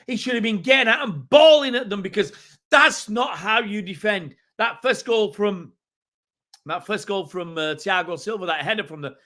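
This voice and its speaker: A middle-aged man from England reacts live to a match on a fan stream, exasperated and circling back over the same complaints. His voice sits a little high for a man. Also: sharp tone. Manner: exasperated, repetitive ranting. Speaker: fan channel host.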